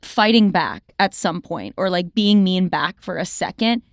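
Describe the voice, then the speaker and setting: A woman's voice: lowish voice, a little slow, no echo, studio quality. A young woman co-hosting a podcast, chatting casually and telling stories with lots of "like". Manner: animated storyteller, heavy use of "like". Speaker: podcast co-host. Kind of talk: casual chat.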